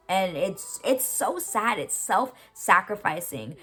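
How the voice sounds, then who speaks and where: Low-voiced woman recapping a show. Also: animated, measured pace, a bit bright. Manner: emotional, gushing, retells scenes with quoted lines. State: teary. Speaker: podcast host recapping a TV episode. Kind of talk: casual episode recap.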